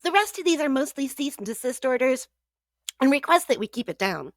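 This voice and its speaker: A woman co-hosting a comedic radio show in a studio, playful with deadpan jokes. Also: high voice, a little fast, no echo.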